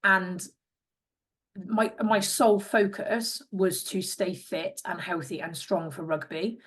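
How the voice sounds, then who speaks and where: A woman's voice: lowish voice, fairly even intonation, slow pace, breathy edge. A woman in her twenties from England, a former rugby player chatting as a podcast guest and acting out what others said to her. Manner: chatty, acts out quoted voices. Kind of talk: casual interview chat.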